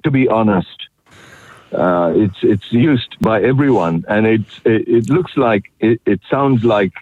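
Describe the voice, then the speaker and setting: Male radio caller, halting, low husky voice, tinny phone line. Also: no echo. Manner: halting, many restarts.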